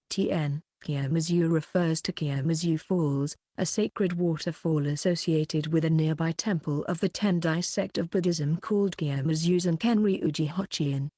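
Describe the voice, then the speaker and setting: A woman narrating a light novel audiobook, reading every character in a near-even voice. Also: deep voice, unhurried, few pauses, no room sound, clean studio sound.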